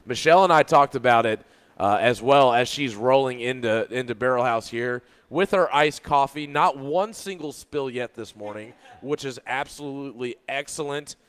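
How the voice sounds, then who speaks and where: A man's voice: medium pitch, moderate pace, a bit bright, clear, resonant tone. A man co-hosting a sports radio show, talking basketball in a loose, rambling way full of restarts. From Louisville, Kentucky. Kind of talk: casual sports talk. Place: radio studio.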